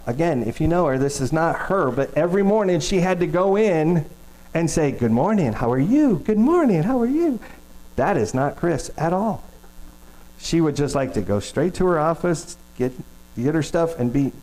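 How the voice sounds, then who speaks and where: A middle-aged male pastor preaches in an easy, storytelling manner, his voice sitting a little higher than most men's. He keeps turning to the congregation with questions. A low electrical hum runs under his voice throughout. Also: a little mellow, rough recording. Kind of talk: sermon.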